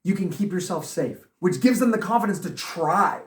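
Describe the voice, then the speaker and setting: A man in his thirties talks as a boxing coach on a podcast. He tells stories in a lively way, packed with fillers. His fairly high voice sounds distant from the mic in an echoey room. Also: normal speed. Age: 30s. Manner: lively storyteller, chatty with frequent fillers. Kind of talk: casual podcast conversation.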